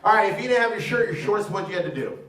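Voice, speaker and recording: Comic in his thirties, from Florida, high and brash, crude crowd work, roomy stage sound with a live crowd. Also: expressive, very fast. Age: 30s. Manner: brash, crude, swings to loud shouting. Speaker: stand-up comedian. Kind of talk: stand-up set with crowd work. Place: comedy theater stage before a live audience. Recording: roomy, far-off mic, crowd noise.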